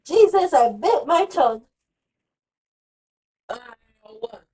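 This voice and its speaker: Lively chatty woman streamer. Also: very high-pitched, very slow. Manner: chatty, self-mocking, talks to herself. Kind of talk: casual chat while streaming.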